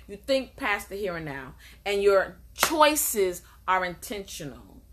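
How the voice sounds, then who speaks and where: Woman life coach, bright sharp voice, keeps repeating stuff and asking the crowd questions. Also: medium pitch. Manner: repetitive, emphatic, asks rhetorical questions. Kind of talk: motivational coaching talk.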